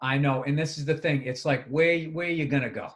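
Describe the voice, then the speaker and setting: A man with a fairly high voice, talking loosely on a podcast mic. He circles around his point with restarts and casual swearing. He sounds relaxed and conversational. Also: brisk. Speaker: comedian and podcast co-host. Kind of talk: casual chat.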